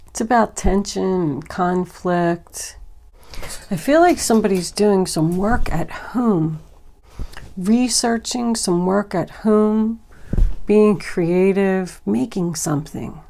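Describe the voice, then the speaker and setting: A woman giving a tarot card reading, pausing to muse over each card. She speaks at a slow, drawn-out pace in an ordinary mid-range voice. Her delivery wanders and reflects rather than pushing forward. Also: medium pitch, creaky, mellow, slight background noise. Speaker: tarot reader.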